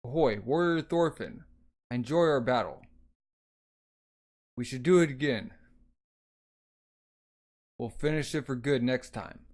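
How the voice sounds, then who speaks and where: A man's voice: mid-range voice, unhurried, pauses often, darkish tone, natural voice. A man playing a jovial giant warrior. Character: huge jovial giant warrior, male, adult.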